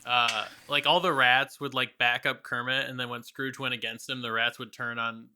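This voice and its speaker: Male co-host, very bright tense tone, chuckles and agrees a lot. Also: mid-range voice, little pitch movement, slight background noise. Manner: quick agreeing, chuckling, acts out bits. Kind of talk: casual movie-review chat.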